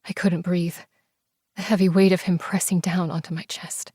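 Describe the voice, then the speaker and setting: A woman narrating a first-person romance audiobook, expressive and sometimes dropping to soft whispers. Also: lowish voice, normal speed, husky, dry recording, clean studio sound. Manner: expressive, breathless in tense scenes, shifts into soft whispers.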